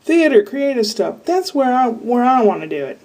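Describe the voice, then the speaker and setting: Rambling woman, mellow voice, off-mic. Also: a little high, very animated, moderate pace. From Iowa. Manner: rambling, candid, full of asides. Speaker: vlogger. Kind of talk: casual diary-style monologue. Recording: voice a bit far from the mic.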